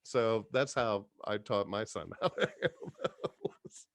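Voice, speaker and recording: A man's voice: lowish voice, sing-song, slow pace, no room sound. A middle-aged man telling rambling, profane stories in casual chat, often laughing as he talks. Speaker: podcast guest.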